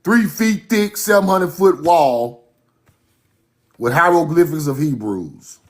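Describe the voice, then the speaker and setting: Slow, emphatic man lecturing over slides. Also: on the high side, lively intonation. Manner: emphatic, repeats points, directs slides.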